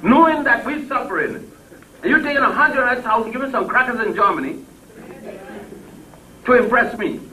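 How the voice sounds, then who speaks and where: An older man giving an impassioned speech to a crowd, blunt and salty. He swings between loud peaks and low murmurs and chuckles as he tells stories. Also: animated, normal speed, long pauses. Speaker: public speaker. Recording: distant mic with faint background noise.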